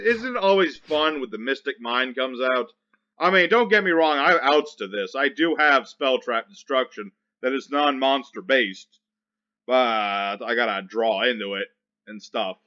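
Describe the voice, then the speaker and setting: A man's voice: mid-range voice, sharp tone, highs cut off. A man giving casual commentary over his own card game, chatty and wry, grumbling sarcastically at his opponents. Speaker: gameplay commentator.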